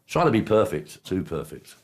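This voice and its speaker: A man's voice: low voice, very animated, normal speed, a little mellow, a little hiss or hum. A man recalling his darts career in a blunt, plain-spoken interview. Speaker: interviewee, former darts player. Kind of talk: casual reminiscing interview.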